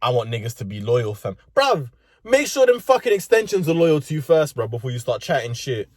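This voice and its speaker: A man's voice: medium pitch, big pitch swings, brisk, dry recording, studio quality. A young man with a London accent, ranting comedically and profanely in street slang from inside a car. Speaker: vlogger. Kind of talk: comedic rant.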